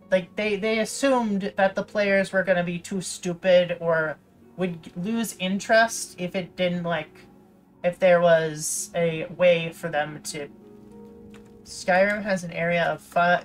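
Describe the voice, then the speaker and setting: A woman streamer giving casual, rambling gameplay commentary, playful and often cutting herself off mid-thought. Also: fairly low pitch. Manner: rambling, playful, self-interrupting. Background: faint game music.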